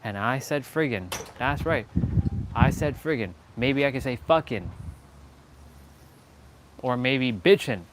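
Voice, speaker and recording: A man at an ordinary mid pitch, hosting a loose motivational live stream. He drifts from near-whispered asides to slow, loud, stretched-out emphasis and laughs at his own tangents. A faint hiss sits under the voice. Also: expressive. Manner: swings from low murmurs to loud, slow, drawn-out emphasis; laughs often, casual and self-aware.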